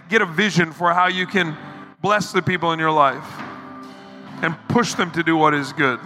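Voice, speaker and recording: A male pastor delivers an animated sermon in a high, very bright voice, often repeating words as he builds a point. His voice rings through a large hall with a long reverb. Soft music plays faintly behind him.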